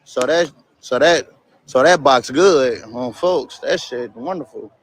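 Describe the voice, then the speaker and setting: A man's voice: medium pitch, slow pace, low-quality recording. A man vlogging as he walks around a street outdoors, chatting casually with passers-by and swearing now and then. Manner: laid-back, swears, chats with passers-by. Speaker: travel vlogger.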